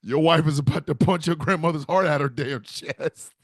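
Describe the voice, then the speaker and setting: Gravelly guy riffing on a comedy show, kinda high voice, animated. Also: normal speed, no room sound, clean studio sound. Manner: animated, laughs through his riffs. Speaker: comedic host. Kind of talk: comedic monologue.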